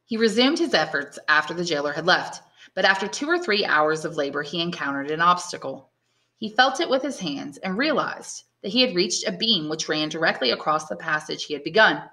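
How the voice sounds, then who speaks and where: An English teacher, a woman, narrating a classic novel aloud with clear, steady storytelling. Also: on the low side, a little fast.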